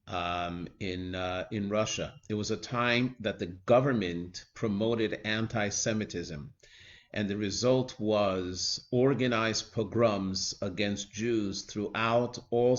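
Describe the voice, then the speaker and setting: Earnest man telling a teaching story, lo-fi. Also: on the low side. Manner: measured, earnest retelling with frequent pauses and "uh" fillers.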